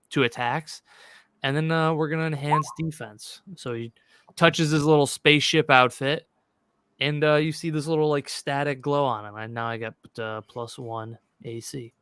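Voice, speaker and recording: A man's voice: medium pitch, fairly even intonation, normal speed, sharp tone, clean tone, dry recording. A man playing a tabletop game, chatting eagerly about his character. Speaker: player. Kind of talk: casual tabletop play.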